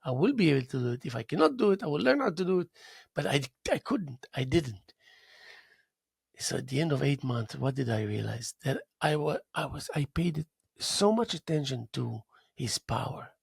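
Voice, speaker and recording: A talk show host, a man with a gravelly, husky voice, tells a story in a casual monologue. His pitch swings up and down as he goes, and he mimics drum beats out loud. The sound is dry and close. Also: very animated, normal speed, no room sound.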